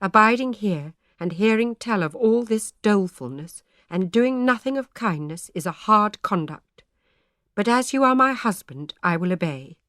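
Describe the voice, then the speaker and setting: A woman voicing a gentle, devout pastor's wife who speaks earnestly and imploringly. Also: medium pitch, animated, normal speed, no echo, clean studio sound, voice pushed up, close to an everyday voice. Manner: earnest, imploring, soft-spoken.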